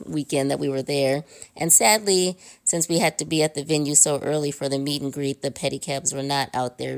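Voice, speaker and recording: Low-voiced woman rambling through a fan recap. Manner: rambling, many ums and uhs. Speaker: fan sending in a recorded story. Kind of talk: casual voice-memo recap.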